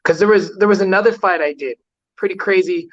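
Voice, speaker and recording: A fighter appearing as an interview guest tells stories casually and rambles, saying "like" constantly. He has a high voice, talks a little fast, and the recording's highs are cut off.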